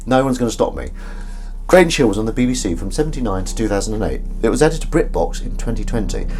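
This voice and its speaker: Punning man with lively pitch. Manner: punning, self-mocking, chatting to viewers. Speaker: livestream host. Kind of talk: casual livestream chat while washing up. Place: home kitchen.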